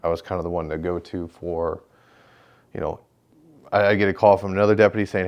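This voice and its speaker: A man's voice: deep voice, steady tone, a little fast, pauses often, lo-fi sound. A man who works as a sheriff's deputy, a guest on a podcast, speaking hesitantly with many "um"s. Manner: hesitant, many "um"s, quiet and reflective. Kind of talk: casual podcast conversation.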